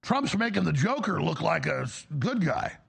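A man's voice: fairly high pitch, sing-song, moderate pace, vocal fry, slightly rough. A man hosting a talk show, giving a heated, emphatic political commentary monologue with frequent restarts.

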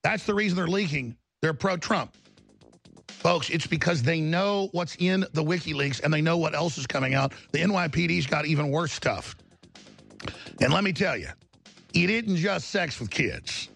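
Male host with a gravel-edged, raspy voice, pushing an impassioned ranting monologue. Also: on the high side, expressive, normal speed, a bit bright, faint music behind. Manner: fervent, ranting, emphatic repetition. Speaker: talk show host.

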